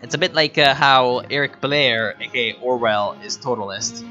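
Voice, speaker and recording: A man giving casual, profane, excitable commentary while livestreaming a strategy game, often laughing. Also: medium pitch, normal speed. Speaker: streamer. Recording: dull lo-fi mic with faint music.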